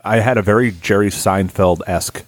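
A man's voice: fairly low pitch, moderate pace, dry recording. A man on a casual podcast telling a story in a rambling way, full of restarts. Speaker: podcast co-host.

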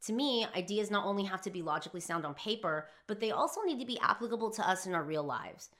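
A young woman telling a personal story in an emphatic, profane monologue, swinging from hushed to shouting. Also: medium pitch, expressive, quick pace. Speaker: philosophy vlogger.

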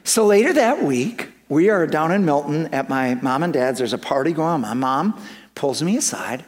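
A man with a somewhat raised pitch delivers a sermon in a church. He tells a story in an animated way and slips into the voices of the people in it for comic effect. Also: normal speed. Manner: animated, acts out dialogue with humor. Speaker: pastor.

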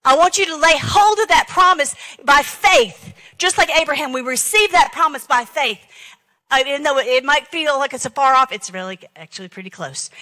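A high-voiced middle-aged woman preaches an end-times sermon, rushing through her points and reading scripture aloud in between. Her tone is bright and sharp, and she drives every line home with force. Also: lively intonation, rough recording. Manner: fast, emphatic, scripture-quoting preacher.

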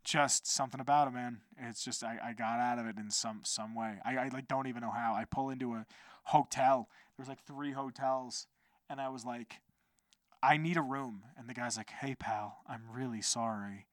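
A man hosting a podcast, telling a rambling, animated story in a casual monologue with some swearing. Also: mid-range voice, brisk, no room sound, studio quality. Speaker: podcast host.

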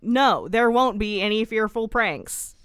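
A woman's voice: medium pitch, lively intonation, unhurried, a loud crowd. A woman co-hosting a podcast, recapping a TV episode in casual chat with a sarcastic, rambling manner and many ums. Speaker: podcast co-host.

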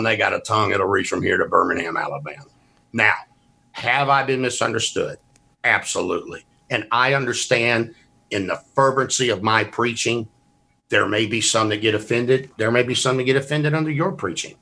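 A man's voice: lowish voice, gravelly, sharp tone, breathy edge. A middle-aged pastor, arguing his case in a fervent, folksy preaching cadence. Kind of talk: heated debate.

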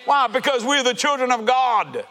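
A man preaching a fervent sermon to a congregation, shouting and laughing as he goes. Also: very high-pitched, big pitch swings, moderate pace. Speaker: pastor. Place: church sanctuary. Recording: reverberant church hall.

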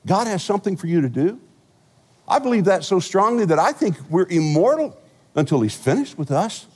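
A male senior pastor preaches a sermon in a large church sanctuary, telling stories with humor and big swings in loudness. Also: medium pitch, breathy edge, big-room sound.

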